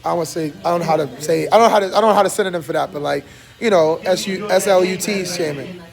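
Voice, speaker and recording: A man hosting casual, animated barbershop banter, laughing and mimicking the others as he talks. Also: high-pitched, fast, vocal fry. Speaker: podcast host.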